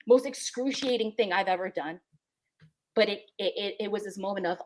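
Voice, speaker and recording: A woman's voice: medium pitch, moderate pace, a little hiss or hum. Young adult woman, podcast co-host, heartfelt and emotional delivery, repeats for emphasis. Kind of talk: heartfelt spiritual podcast chat.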